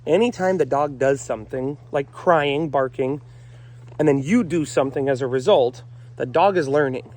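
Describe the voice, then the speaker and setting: A man's voice: medium pitch, moderate pace, a little mellow. A man working as a dog trainer, talking casually to camera outdoors in the morning, earnest and addressing viewers directly as folks while rattling off lists.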